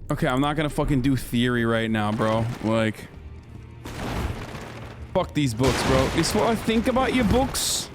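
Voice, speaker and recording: A man's voice: medium pitch, lively intonation, measured pace. A male streamer giving loose, profane, joking commentary while playing a game live. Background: faint game music.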